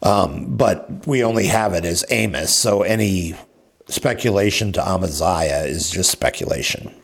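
A man's voice: sits low, a little slow, vocal fry, slightly rough. A man leading a Bible class, lecturing conversationally with frequent fillers and self-corrections. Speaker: Bible study teacher.

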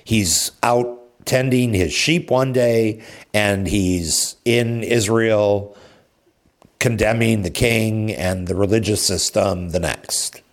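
A man's voice: lowish voice, slow. A man leading a Bible class, lecturing conversationally with frequent fillers and self-corrections. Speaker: Bible study teacher.

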